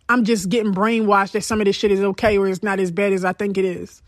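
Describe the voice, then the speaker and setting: A woman's voice: mid-range voice, little pitch movement, quick pace, few pauses, dry recording, clean studio sound. A young adult woman podcast host tells a personal story in a blunt, profane, emphatic way. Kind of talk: candid storytelling monologue.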